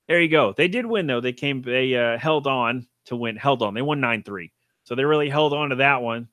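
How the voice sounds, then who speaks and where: A man's voice: medium pitch, a bit bright, clean tone, dry recording, clean studio sound. A man hosting a casual solo podcast, rambling offhand and self-deprecating about sports, with casual swearing. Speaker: podcast host.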